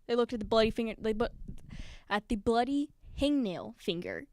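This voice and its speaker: At a live community event, a woman with a higher-pitched voice performs a personal story on stage at normal speed. As a spoken word performer she comes across nervous and giggly, acting out scenes and quotes with animation.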